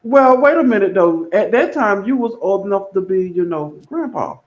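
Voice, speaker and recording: A man's voice: high-pitched, lively intonation, moderate pace, highs cut off. A man in a casual talk show, chatting in a teasing, joking way. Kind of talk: casual chat.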